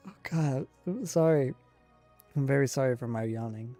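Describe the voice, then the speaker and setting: A man's voice: mid-range voice, moderate pace, dark tone, dry recording, soft background music. A young man streaming a game, reading its dialogue aloud and dropping wry, offhand asides.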